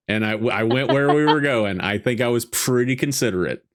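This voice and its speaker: A podcast co-host with a medium-pitched, expressive voice talks at a moderate pace. He chats casually while watching a movie, spinning rambling jokes and stories.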